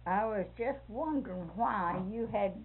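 A woman's voice: mid-range voice, a little slow, a little hiss or hum. An older woman tells a family story, acting out the voices as she goes, in a lo-fi phone-like recording. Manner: lively storyteller who acts out voices and laughs often. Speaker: interviewee telling a family story. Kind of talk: oral history storytelling.

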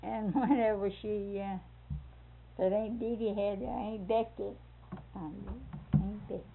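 A woman's voice: mid-range voice, steady tone, a little slow, creaky, a little hiss or hum. An older woman, telling a folksy family story in a casual way and laughing as she goes. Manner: laughs through her story, folksy dialect. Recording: tinny phone-like recording.

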